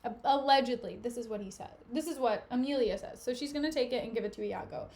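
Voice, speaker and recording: Casual woman streamer, high voice, slangy recaps. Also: quick pace, darkish tone. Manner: chatty, slangy, recaps with asides. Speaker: streamer reading a play.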